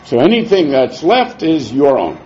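A man teaching a Talmud class, explaining verses in a lively way with frequent chuckles, on a dull lo-fi recording. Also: on the high side, normal speed, a little hiss or hum.

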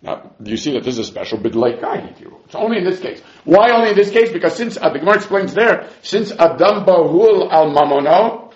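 Male Talmud teacher, lively and high, debating both sides; roomy, muffled lo-fi recording. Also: fairly quick, hardly any pauses. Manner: animated, argues both sides in quoted voices. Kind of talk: Talmud class lecture. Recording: echoey room, dull lo-fi sound.

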